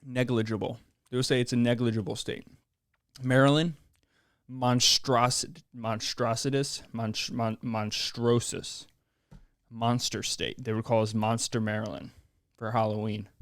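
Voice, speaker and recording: A young man hosting a solo podcast, rambling in deadpan sarcasm and laughing at his own jokes. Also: medium pitch, unhurried, clean tone, dry recording, studio quality. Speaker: podcast host.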